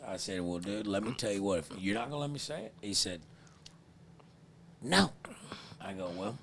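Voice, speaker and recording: A man's voice: on the low side, lively intonation, fast. A man hosting a podcast, telling a long crude story in a rambling, self-deprecating way. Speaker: podcast host. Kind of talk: casual chat, storytelling.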